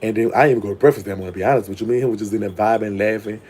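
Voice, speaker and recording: Profane, chatty storytelling man, mellow tone. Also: fairly low pitch, fairly even intonation, racing, slight background noise. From New Orleans. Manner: frank, profane, chatty, with laughs. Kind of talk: casual storytime monologue.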